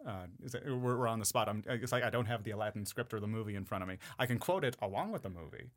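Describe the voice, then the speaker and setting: A man, a voice actor guest on a podcast, talking in a casual, animated way with lots of fillers. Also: on the low side, fast. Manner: animated, chatty, full of fillers.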